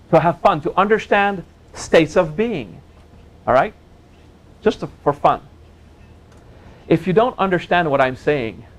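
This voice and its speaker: Gentle, playful man teaching a seminar. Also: fairly high pitch, rough recording. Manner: gentle, playful, laughs at his own jokes. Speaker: spiritual teacher. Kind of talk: relaxed seminar talk.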